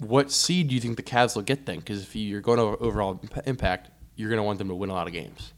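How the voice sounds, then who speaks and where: A young man co-hosting a podcast, chatting casually about sports with an animated, joking manner and frequent asides. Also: on the low side, fast. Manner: animated, laughing, trailing off into asides. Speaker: podcast co-host.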